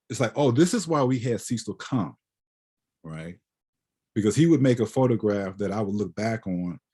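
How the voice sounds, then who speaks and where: A man's voice: mid-range voice, a little mellow. A man giving a reflective, conversational lecture as a guest photographer, often tagging his points with "right?". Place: lecture hall.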